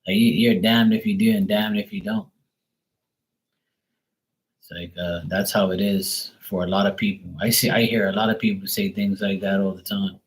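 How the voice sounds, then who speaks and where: A man's voice: fairly low pitch, fairly even intonation, normal speed, rough recording. A middle-aged man hosting a live stream in casual, rambling chat, blunt and profane, with many fillers, sometimes acting out other people in raised voices.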